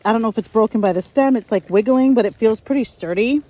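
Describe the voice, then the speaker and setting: A woman from upstate New York talking to her camera while she tends her garden, sighing, hesitant and thinking out loud. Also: on the high side, fast talker. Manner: sighing, hesitant, talks to herself while working. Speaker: gardening vlogger. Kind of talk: casual vlog narration. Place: outdoor garden.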